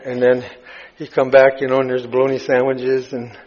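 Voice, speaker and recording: A man's voice: mid-range voice, monotone, darkish tone. Guy sharing his recovery story at a meeting, lots of uhs and restarts, kinda muffled lo-fi sound. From United States. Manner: halting storyteller, many fillers and restarts. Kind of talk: personal recovery story told to a crowd. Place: retreat meeting hall. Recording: dull lo-fi talk recording.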